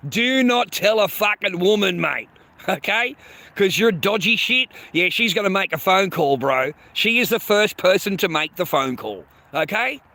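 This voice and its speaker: Profane, high-voiced man ranting to his stream. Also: expressive, moderate pace, bright, forceful tone. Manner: profane, blunt, repeats himself, addresses viewers as mate and bro. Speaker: livestream host. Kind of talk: casual livestream rant to chat.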